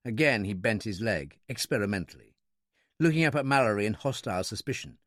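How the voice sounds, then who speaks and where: Expressive male audiobook narrator. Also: fairly low pitch, brisk, no echo, clean studio sound. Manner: expressive, dramatic reading. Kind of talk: scripted narration.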